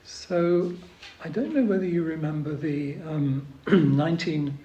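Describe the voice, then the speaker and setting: A man giving a dharma talk as a Zen teacher, hesitant with many pauses and ums, gently humorous. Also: fairly high pitch, highs cut off, a little hiss or hum. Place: retreat meditation hall. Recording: roomy hall with faint ambience.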